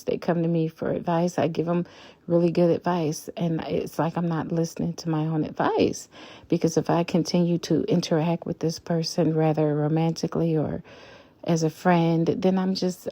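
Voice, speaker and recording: A woman's voice: low voice, warm tone, no echo. An outspoken woman in her fifties vlogging frankly about her relationship, blunt and emphatic. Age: 50s. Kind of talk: candid relationship vlog.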